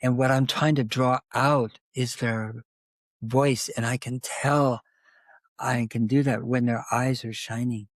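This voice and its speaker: A man's voice: medium pitch, slow pace, dry recording. An older man telling a long, rambling story as a guest in an interview, with many asides. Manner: rambling anecdotal storytelling, animated.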